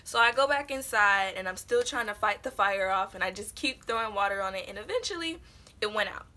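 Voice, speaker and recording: A woman's voice: mid-range voice, expressive, fairly quick, pushed and bright. A young adult woman vlogger telling a personal story in a casual, chatty way, full of fillers. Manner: chatty, meandering with lots of fillers.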